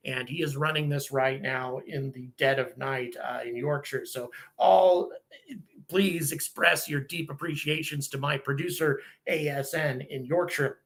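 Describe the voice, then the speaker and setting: A man's voice: mid-range voice, steady tone, fairly bright tone. American man hosting a live stream. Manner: reads out viewer locations, thanking them one by one; halting, with frequent ums and restarts. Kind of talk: casual live-stream chat.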